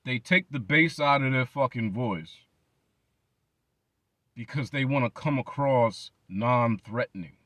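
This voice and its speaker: A man hosting his own channel, ranting bluntly and swearing hard, repeating words for emphasis. His voice sits at an ordinary middle pitch, and the sound is dry and close to the mic. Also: a little slow, long pauses, fairly bright tone, no echo. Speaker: channel host. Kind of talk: profane commentary rant.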